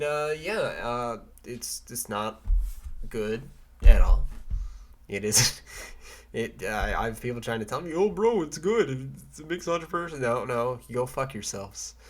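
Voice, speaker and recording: A man's voice: mid-range voice, darkish tone, slight background noise. A young man ranting casually on a vlog, rambling and stammering with many restarts and fillers, swearing now and then. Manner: mock voices for quoted people. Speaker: vlogger. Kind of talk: casual rant to camera.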